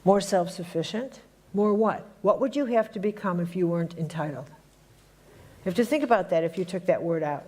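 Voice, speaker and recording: A woman with a lowish, warm voice leads a spiritual workshop at a moderate pace. She keeps things conversational, teasing the live group as she quizzes them.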